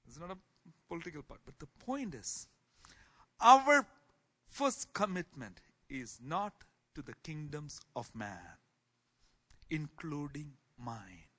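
A man teaching a Bible class in sermon style, swinging from soft asides to loud exclamations. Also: a little high, sing-song, slow, long pauses.

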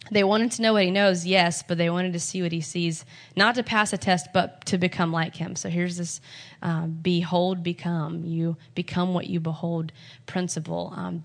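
A woman with a lowish voice leads a small group through a Bible meditation workshop. She talks casually and warmly encouraging, often pausing on ums and restarting her sentences. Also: gravelly. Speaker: Bible study teacher.

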